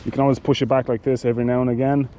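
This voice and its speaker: A man giving a casual product demonstration of cycling gear, talking in a halting way with many fillers and restarts. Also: mid-range voice, level tone, warm tone, dull audio, a little hiss or hum.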